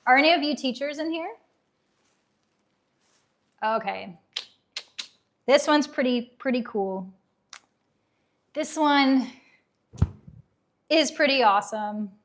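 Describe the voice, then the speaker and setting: A woman in her thirties, casually chatting on a live unboxing stream, reading viewer comments aloud with nostalgic enthusiasm, her voice getting a little hoarse. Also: high voice, animated, slow pace, pauses often, a bit bright. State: losing her voice. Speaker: livestream host.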